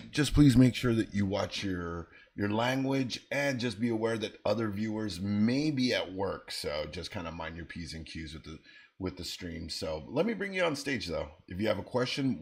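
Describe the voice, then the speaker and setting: A man with a deep, low voice hosts a live trading stream. He talks in an easygoing way, thinking out loud about his positions and answering people in the chat as they come in. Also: moderate pace. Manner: casual, thinks aloud while reading chat. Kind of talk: live-stream market commentary.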